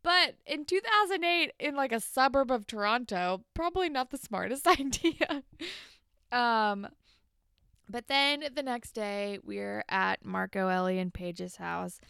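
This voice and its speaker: Young woman co-host, casual storyteller who voices each character, slightly high, bit of fry. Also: lively intonation, a little slow, pushed and bright, no echo, studio quality. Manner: chatty, acts out characters' lines, swears casually. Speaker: podcast co-host. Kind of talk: casual recap chat. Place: New York.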